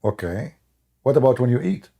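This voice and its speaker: A man's voice: mid-range voice, sing-song, normal speed, gravelly, mellow, slightly rough. A man giving a sarcastic, mocking commentary monologue in broken, non-native English, laughing at his own points. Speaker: online religion critic.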